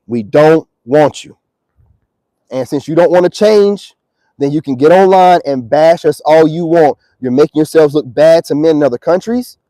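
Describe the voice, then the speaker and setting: A man holds forth outdoors in a confrontational, preachy monologue, loaded with slang. His voice sits high but sounds dark and mellow. The sound is dry and close. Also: no echo, poor audio. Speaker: self-styled spiritual commentator. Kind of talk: ranting monologue to camera.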